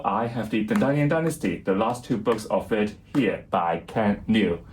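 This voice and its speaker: A man giving a casual bookshelf tour as a book vlogger, chatty and self-deprecating, pausing now and then to recall titles. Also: lowish voice, darkish tone, slight background noise, poor audio. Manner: chatty, self-deprecating, laughs lightly at himself; pauses to recall titles and names.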